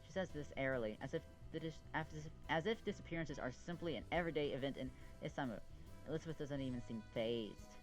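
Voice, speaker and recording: A man's voice: a little high, quick pace, faint music behind, poor audio. A man reading a visual novel aloud as narrator, wry and now and then stumbling over words. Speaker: let's play reader.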